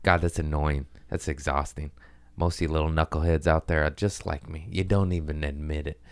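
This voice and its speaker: Deep dude riffing on his comedy podcast, swears a lot, roasts himself, dry close sound. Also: steady tone, brisk, darkish tone, clear, resonant tone, no echo. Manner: rambling, profane, self-mocking. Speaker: podcast host. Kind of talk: casual comedic podcast monologue. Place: at home, gardeners working outside.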